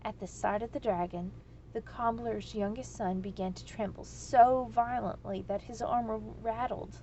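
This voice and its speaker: A woman reading a storybook aloud in a slow, measured way. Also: fairly high pitch, vocal fry, mellow, muffled recording, a little hiss or hum.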